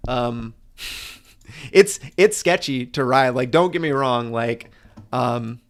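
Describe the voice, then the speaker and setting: A man with a mid-range voice talks slowly and casually on his motorcycle live stream, rambling, cursing, and frequently starting over mid-thought.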